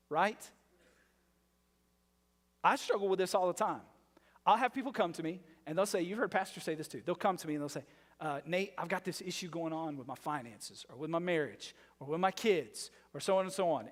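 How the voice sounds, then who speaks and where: High-voiced pastor preaching emphatically. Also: male voice. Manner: emphatic, rhetorical questions, shifts from loud to hushed. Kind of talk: sermon. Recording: long reverb of a large hall.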